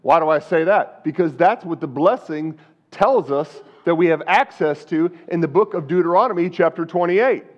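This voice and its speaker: A male pastor with a high-pitched voice delivers an emphatic sermon in a church sanctuary. He keeps calling out to the congregation for a response. The recording sounds dull and lo-fi. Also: normal speed. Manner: emphatic, repeated calls of "Amen?" to the congregation.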